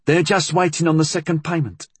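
A woman's voice: sits low, steady tone, fairly quick, breathy edge, no echo, voice pushed up. A man voicing a tough young female thief who talks bluntly and crudely. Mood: gruff.

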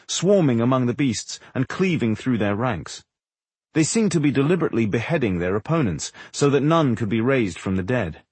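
A man narrating a fantasy audiobook in a measured, expressive storytelling manner. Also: medium pitch, slightly rough, dry recording. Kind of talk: scripted narration.

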